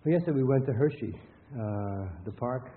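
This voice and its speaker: A man's voice: medium pitch, lively intonation, normal speed. A man giving a lecture with anecdotes in a rambling, conversational way, often restarting his sentences. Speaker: workshop lecturer. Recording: tinny phone-like sound with faint hiss.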